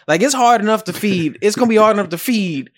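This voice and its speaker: A man's voice: high voice, fast. A young man chatting casually on a podcast, telling stories and acting out the people he quotes. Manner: animated storyteller, acts out quoted voices. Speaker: podcast co-host. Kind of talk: casual chat.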